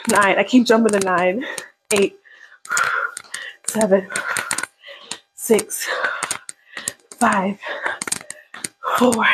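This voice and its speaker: A woman's voice: medium pitch, slight background noise, rough recording. A woman leading a live workout, counting down reps and cheering viewers on while out of breath. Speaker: fitness instructor.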